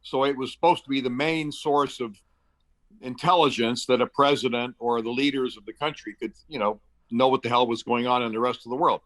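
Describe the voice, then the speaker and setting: A chatty interview guest in his seventies, raised in the Middle East, briskly tells stories and acts out the quotes in them, using lots of fillers. He has a medium-pitched, slightly bright voice with a steady tone.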